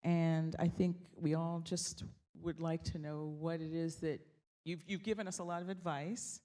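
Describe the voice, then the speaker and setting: A woman moderating a talk on a theater stage, speaking earnestly and with thanks. Her voice sits low for a woman. She pauses on "um" now and then. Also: fairly even intonation, warm tone. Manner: earnest, appreciative, with some "um" fillers. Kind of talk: onstage conversation.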